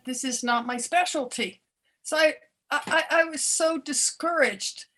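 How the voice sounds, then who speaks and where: An older woman and former doctor telling a personal story in an interview, earnest and halting, often restarting her words. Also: sits high, a bit bright.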